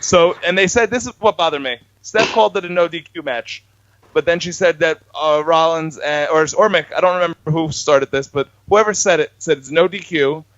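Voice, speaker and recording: A man's voice: a little high, moderate pace, a bit bright, dull audio. A man co-hosting a casual wrestling podcast, rambling through match recaps and correcting himself as he goes. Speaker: podcast co-host.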